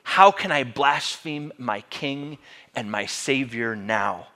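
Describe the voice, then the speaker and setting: A man voicing an elderly martyr in his eighties who answers with calm, bold defiance. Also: mid-range voice, takes it slowly. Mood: defiant. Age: 80s. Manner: steady, defiant.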